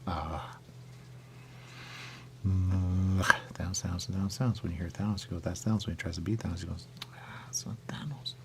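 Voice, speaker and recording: A man's voice: deep voice, little pitch movement, brisk, vocal fry, long pauses, heavy background noise. A man hosting a radio show, rambling and musing aloud in casual chat.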